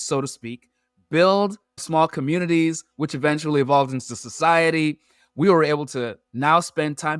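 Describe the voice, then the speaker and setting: A man, a podcast guest who explains his points through lively analogies and metaphors. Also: fairly high pitch, dry recording, studio quality. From Nigeria. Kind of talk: animated storytelling in an interview.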